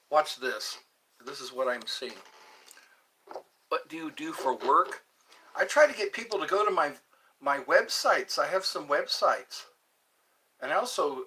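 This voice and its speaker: Lively, bright-voiced man rambling on a stream. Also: on the high side. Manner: rambling, reads viewer questions aloud and answers. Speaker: livestream host. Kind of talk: casual livestream chat.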